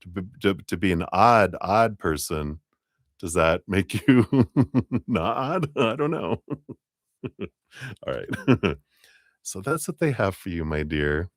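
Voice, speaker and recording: A middle-aged man hosts a live tarot reading stream in a very low voice that still swings up and down a lot. He is chatty and laughs often, recorded close and dry with no room sound. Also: lively intonation, slow pace, pauses often, dry recording. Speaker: tarot reader.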